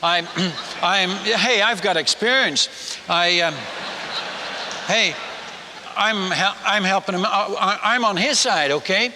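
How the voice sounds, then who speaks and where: A man telling a personal story in a sermon, chatty and animated, stumbling over restarts and asking the audience questions. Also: high-pitched, slow pace, pauses often, background noise. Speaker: missionary preacher. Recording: echoey hall.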